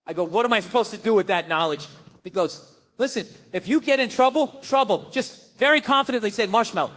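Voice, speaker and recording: A man performing a stand-up comedy routine on stage, telling a story with animated energy and acting out the voices of the people in it. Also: sits high, brisk.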